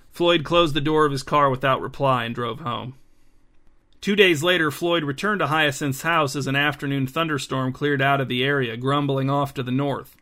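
A man narrating a story in a dry, measured storytelling manner. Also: medium pitch, bright, forceful tone. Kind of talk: scripted narration.

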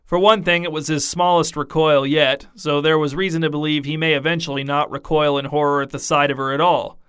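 A man reading a comic fantasy story aloud in a dry, deadpan narration. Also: a little high, clear, resonant tone. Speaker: audiobook narrator. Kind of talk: scripted narration.

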